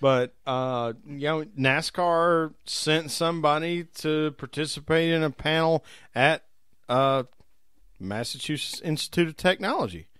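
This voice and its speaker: A man's voice: fairly high pitch, measured pace, a bit bright, smooth, no echo, clean studio sound. A man co-hosting a racing podcast in casual, joking banter with frequent laughs. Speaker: podcast co-host. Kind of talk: casual chat.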